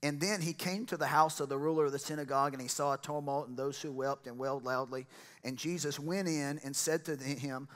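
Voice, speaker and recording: A man preaching a lively sermon, building to loud excited shouts and exclamations. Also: a little high, a little fast. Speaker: pastor.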